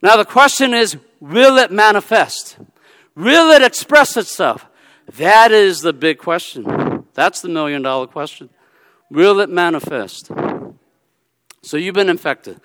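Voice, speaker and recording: Male preacher, high and clear, animated sermon delivery with repeated "okay?", in a reverberant hall. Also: measured pace. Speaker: pastor.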